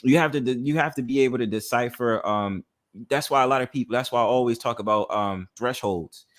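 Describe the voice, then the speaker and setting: A man's voice: mid-range voice, brisk. A man talking loosely on a podcast, winding through his points with plenty of ums. He laughs easily and readily agrees with the others. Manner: rambling, agreeable, laughs often, many ums. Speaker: podcast co-host. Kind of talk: casual conspiracy chat.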